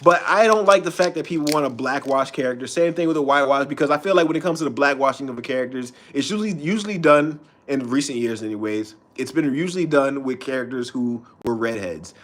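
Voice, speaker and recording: A man's voice: mid-range voice, expressive, fast talker, few pauses, fairly bright tone. A man streaming, ranting in a loose, profane way with frequent restarts. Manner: profane, rambling, restarts often. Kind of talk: casual rant.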